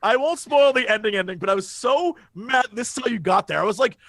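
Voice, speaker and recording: High-voiced, excitable man telling a story. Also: quick pace, few pauses, no room sound. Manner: excitable storyteller, swears freely. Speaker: podcast co-host. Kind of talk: casual chat.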